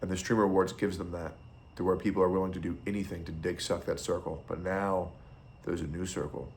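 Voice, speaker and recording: A man's voice: sits low, little pitch movement, a little fast, creaky, a little hiss or hum. A male streamer in a casual, blunt monologue, ranting with heavy profanity and strong opinions.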